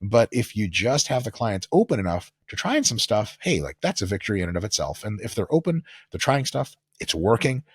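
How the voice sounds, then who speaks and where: A man talking as a guest on a podcast, animated and profane, often acting out the voices of the people he quotes. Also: fairly low pitch, brisk, few pauses, husky, no room sound, clean studio sound. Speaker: guest coach and sports scientist. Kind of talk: casual podcast conversation.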